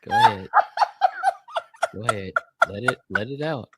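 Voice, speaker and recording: A man's voice: medium pitch, huge pitch swings, moderate pace, very noisy. A man co-hosting a show, teasing his friends and laughing through the banter. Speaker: co-host. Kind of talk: casual group banter.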